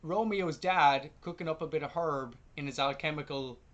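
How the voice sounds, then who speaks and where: A man co-hosting a film review podcast in casual chat, stubborn and animated, often trailing off into low mumbles over a video call. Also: normal speed, lo-fi sound. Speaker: podcast co-host, film critic.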